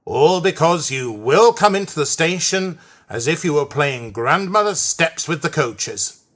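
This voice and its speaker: A storybook reader voicing a stern, pompous railway boss who scolds loudly and grumbles with hums. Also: mid-range voice, lively intonation, slow, slightly rough, exaggerated voice. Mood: scolding. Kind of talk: storybook reading.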